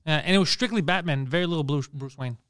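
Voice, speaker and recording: A man chatting casually as a podcast co-host, an animated storyteller who rambles with restarts. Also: fairly high pitch, quick pace, smooth, no echo, studio quality. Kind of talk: casual chat.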